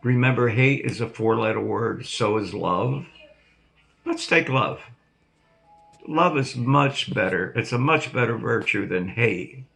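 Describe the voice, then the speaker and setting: A man's voice: medium pitch, a little slow, gravelly, fairly bright tone, faint music behind. An older man hosting his own vlog, telling a rambling, jokey story to his viewers and laughing at himself. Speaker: vlog host.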